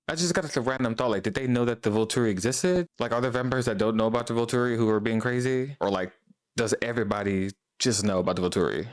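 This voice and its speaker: A man talking casually as he reacts on camera. His voice sits at an ordinary pitch. He chats loosely and laughs often, and he slips into quick mock voices for the characters. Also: smooth. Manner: animated, laughing, mimics characters in quick asides. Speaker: reaction video host.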